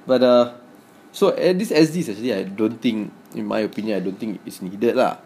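A man's voice: on the low side, a little fast, vocal fry, a little mellow, slight background noise. A young man with a Malaysian English accent, co-hosting a casual chat in a jokey way and laughing often. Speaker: podcast co-host.

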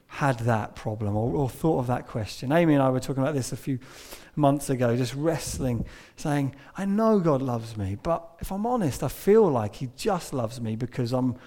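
A man preaching a sermon, telling a story and moving between hushed and emphatic delivery. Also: fairly high pitch.

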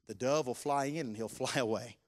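A man preaching a sermon as pastor, stretching key words slowly and climbing loud on emphasis, then dropping to a soft, low voice for prayers and asides.

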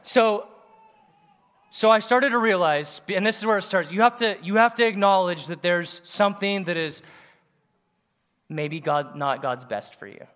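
A man in his thirties preaching a sermon, animated and punchy, with bursts of laughter. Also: sits high, unhurried. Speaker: pastor. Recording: long hall reverb.

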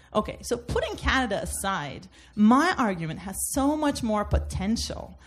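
A woman's voice: mid-range voice, sing-song, a little slow. A woman from Turkey doing a comedic debate bit, laughing through her jokes.

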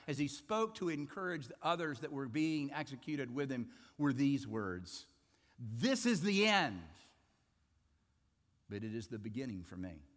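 A man preaching a sermon earnestly, dropping to a hushed tone for emphasis. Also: fairly high pitch, in a large hall. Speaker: pastor.

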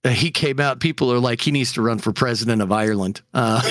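Podcast co-host, male, mid-pitched, heated ranting delivery, lots of fillers, dry close sound. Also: fairly quick, fairly bright tone, dry recording. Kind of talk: casual opinionated chat.

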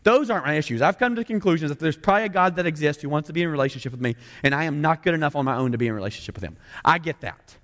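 A man's voice: a little high, lively intonation, racing, hardly any pauses, fairly bright tone. A male pastor preaching a sermon in a conversational way, often mimicking sarcastic voices to make his point. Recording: long hall reverb.

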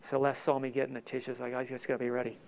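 A man preaching a sermon with emotion, swinging between loud emphatic passages and soft hushed ones. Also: medium pitch, monotone, racing, creaky, a little hiss or hum. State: tearful. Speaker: pastor.

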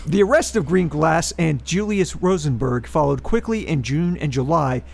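A man with a slightly higher voice co-hosts a relaxed podcast. He works through a history segment, reading the facts, and breaks off into wry political commentary along the way. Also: moderate pace, gravelly. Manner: reads historical facts, then adds wry political asides. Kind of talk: casual podcast chat.

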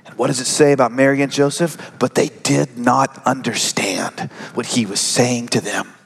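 A middle-aged man preaching a sermon, joking with the congregation and swinging from loud emphasis down to hushed whispers. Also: medium pitch, fairly even intonation, normal speed, creaky, slightly rough. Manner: conversational, joking asides to the congregation. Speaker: pastor. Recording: long reverb of a large hall.

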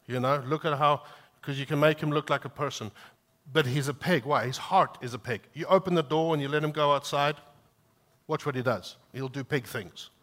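A man preaching a sermon, lively and animated, acting out quotes from scripture. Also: a little high, moderate pace. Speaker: pastor.

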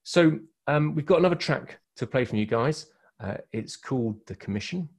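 Husky British radio host. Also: male voice, medium pitch, lively intonation, darkish tone. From United Kingdom. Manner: chatty, self-deprecating, quick to laugh. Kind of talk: casual radio interview. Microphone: studio microphone, guests on a video call.

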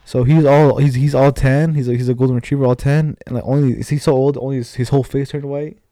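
A young man in casual chat, laid-back and slangy, sometimes reading headlines aloud slowly. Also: medium pitch, fairly even intonation, mellow, dry recording.

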